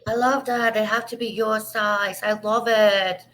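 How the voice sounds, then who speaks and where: An effusive woman talks on a live show and gushes warmly about what she hears. Her pitch is medium. Faint noise sits behind her voice. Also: fairly even intonation, measured pace, poor audio. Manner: warm, effusive, gushing. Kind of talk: casual live show chat.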